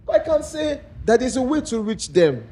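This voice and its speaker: Nigerian male podcast co-host, lively up-and-down delivery, husky edge. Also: very high-pitched, normal speed. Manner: animated, laughs while telling stories. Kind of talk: casual chat.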